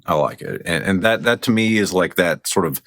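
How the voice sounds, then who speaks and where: Deep-voiced man talking in dry, close sound. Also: lively intonation, a little fast, fairly bright tone, no room sound. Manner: rambling, enthusiastic, heavy use of "like". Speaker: podcast guest. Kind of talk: casual conversation.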